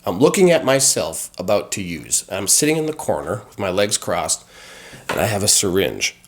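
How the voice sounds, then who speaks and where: A man telling a personal story conversationally, animated, with frequent fillers and restarts. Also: low voice, normal speed. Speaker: guest sharing recovery experience.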